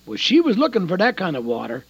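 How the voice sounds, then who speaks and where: A man preaching a radio sermon, swinging dramatically between loud calls and hushed words. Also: high-pitched, wildly swooping pitch, fast, vocal fry, breathy edge, highs cut off.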